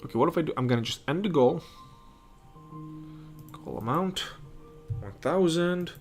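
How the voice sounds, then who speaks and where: A man's voice: fairly high pitch, expressive, moderate pace, faint music behind. A man hosting a casual live stream at home, muttering to himself as he works and tossing off dry, sarcastic asides. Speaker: livestream host.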